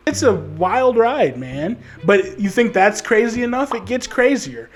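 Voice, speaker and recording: A man hosting a casual comedic movie recap in a jokey, rambling, excitable way. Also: sits high, measured pace, hardly any pauses. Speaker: channel host, movie recapper.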